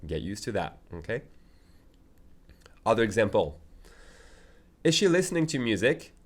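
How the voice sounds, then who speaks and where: A man's voice: lowish voice, expressive, normal speed, long pauses. Patient man teaching a language lesson. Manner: patient, methodical, often checking in with "okay?". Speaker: French teacher.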